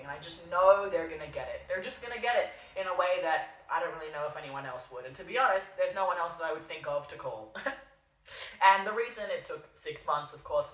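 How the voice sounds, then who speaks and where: A woman's voice: lowish voice, bright, forceful tone, recorded from a distance. A young woman hosting a solo monologue podcast, talking in a sardonic, darkly self-mocking way. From Australia. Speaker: podcast host. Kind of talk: solo monologue podcast addressed to an absent listener. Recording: roomy sound from off the mic.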